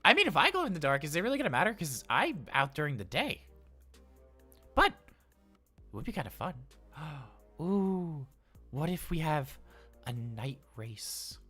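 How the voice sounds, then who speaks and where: A man's voice: on the high side, big pitch swings, unhurried, pauses often, pushed and bright, breathy edge, soft background music, heavily acted. A man voicing an anxious, cheerful male robot daycare attendant on a live role-play stream, chatty and flustered, rambling with stammers. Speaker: livestream role-player.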